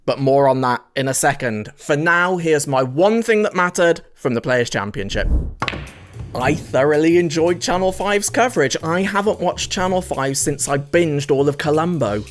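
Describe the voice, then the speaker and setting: A man's voice: on the high side, lively intonation, normal speed. A man hosting a casual vlog, talking in a playful, jokey way. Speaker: snooker vlog host.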